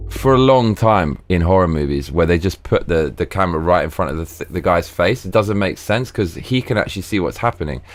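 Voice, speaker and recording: Excitable gamer with wild pitch swings. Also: male voice. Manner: excitable, swearing, sudden high yelps. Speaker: game streamer. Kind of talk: live gameplay commentary.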